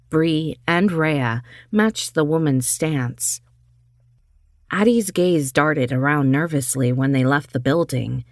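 A woman narrating an audiobook in a measured, steady reading. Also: low-pitched, no room sound, clean studio sound.

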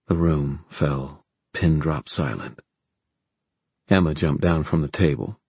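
A man narrating an audiobook with steady storytelling. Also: a bass voice, slow, vocal fry, pauses often, breathy edge, dry recording.

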